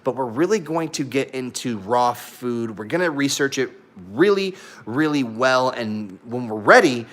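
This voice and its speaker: Young male vlogger, casual and animated, gets loud now and then, keeps stopping to scold his dogs. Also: mid-range voice. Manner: animated and loud at times, talks to his dogs mid-sentence. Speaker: vlogger, husky owner. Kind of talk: casual chat to camera.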